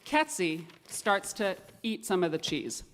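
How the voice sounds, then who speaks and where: A woman narrating a children's story at a family service, lively and animated. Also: fairly low pitch, a little slow, slight background noise. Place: synagogue sanctuary. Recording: echoey hall with long reverb.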